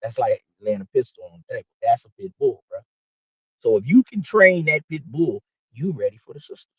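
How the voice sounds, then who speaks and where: A man's voice: mid-range voice, big pitch swings, fairly quick, slightly rough, dry recording, rough recording. A man with a slightly nasal voice, hosting a livestream and ranting unscripted in a brash, preachy way. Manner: brash, preachy, swings from loud to muttered asides. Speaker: livestream host.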